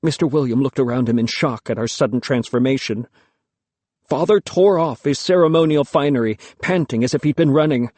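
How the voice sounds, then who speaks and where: A man narrates an audiobook in the first person, lyrical and measured, at a middling pitch. The sound is dry and close, with no room echo. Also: a little mellow.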